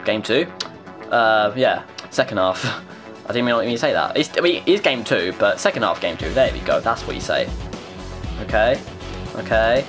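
Excitable young gamer, lively voice. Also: male voice, fairly low pitch, normal speed, music in the background. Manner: excitable, swearing, talks to himself about his own play. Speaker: gaming video creator. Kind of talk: live gameplay commentary.

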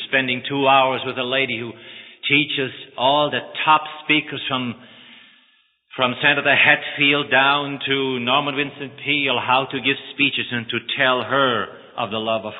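A man's voice: medium pitch, flat delivery, measured pace. A man preaching a sermon, telling stories in an impassioned, dramatic way. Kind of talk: sermon storytelling. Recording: tinny phone-like line, echoing hall.

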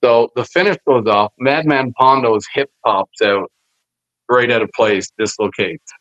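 At a measured pace, an ex-wrestler spins backstage tales as a podcast guest, voicing the people he quotes and cursing plenty along the way. The medium-pitched voice sounds dry, and the podcast audio is dull and lo-fi.

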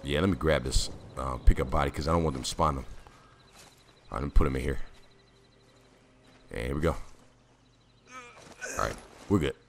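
Very deep-voiced male gamer, slightly raspy. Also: normal speed, long pauses, slight background noise. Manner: jumpy, with sudden loud exclamations. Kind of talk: casual gameplay commentary.

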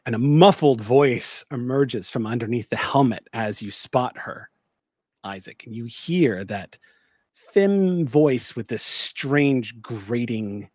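A man's voice: mid-range voice, darkish tone, dry recording, studio quality. Man narrating a tabletop horror game. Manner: vivid, deliberate descriptive narration. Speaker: game master.

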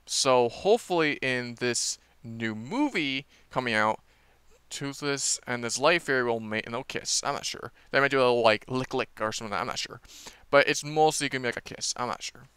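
A man's voice: medium pitch, normal speed, pushed and bright, clean tone, no echo. A man casually reviewing a movie trailer, rambling with lots of fillers and restarts.

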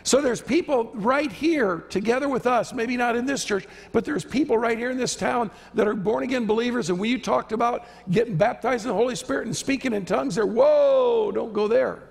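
A visiting preacher with an extremely high, creaky, breathy voice delivers an emphatic sermon in a church sanctuary, acting out the quoted voices he describes, with church hall reverb around him.

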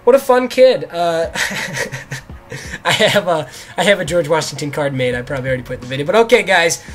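A young man, a gaming YouTuber, telling a story in a mocking, animated way, laughing often and swearing. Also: fairly high pitch, a little fast, soft background music. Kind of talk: storytelling commentary.

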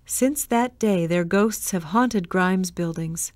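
A woman reading a storybook aloud in a measured, expressive way. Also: fairly low pitch, dry recording, studio quality. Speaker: reader. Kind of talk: storybook narration.

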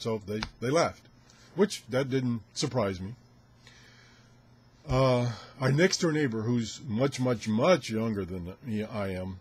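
Older man, husky voice, out of breath, rambling, chuckling, casual host talk. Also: mid-range voice, takes it slowly, darkish tone. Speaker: ham radio video host.

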